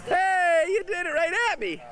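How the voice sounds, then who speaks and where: A man's voice: very high voice, very animated, normal speed, fairly bright tone. A man filming a home movie outdoors in a suburban backyard, narrating casually and directing and cheering the children as they play. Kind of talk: casual narration behind the camera. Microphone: camcorder's built-in mic. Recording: camcorder audio with party chatter. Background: chatter of a backyard party crowd.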